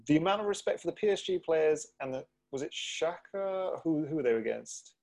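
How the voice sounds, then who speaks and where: A podcast co-host with a gravelly, husky voice and a slightly high pitch. He speaks emphatically, in an indignant tone. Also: lively intonation, fairly quick, darkish tone. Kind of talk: casual chat.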